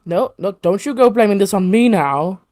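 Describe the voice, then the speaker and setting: A woman's voice: medium pitch, lively intonation, moderate pace, a little mellow, dry recording, studio quality, lightly acted. A woman voicing a defensive woman seer who scolds the others as they bicker.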